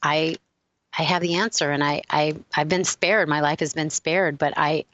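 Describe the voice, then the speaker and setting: A woman's voice: low-pitched, steady tone, moderate pace, a bit bright, no echo, muffled recording. A woman doing a stammering, sheepish king. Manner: hesitant, stammering. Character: anxious, apologetic old king.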